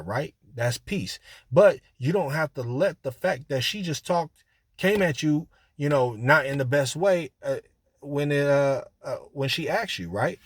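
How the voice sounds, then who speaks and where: A man's voice: mid-range voice, dry recording. A man talking casually and directly to listeners, giving relationship advice with lots of repetition and fillers. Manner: conversational, repeats himself, addresses listeners directly; colloquial, with frequent fillers. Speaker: relationship talk host.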